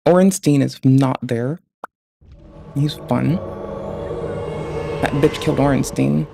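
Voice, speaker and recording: Give me a cursing, gravelly male streamer. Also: steady tone, slow. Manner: profane, heated outbursts at the game; muttering low and grumbling between fights. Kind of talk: live gameplay commentary. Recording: loud game music behind voice.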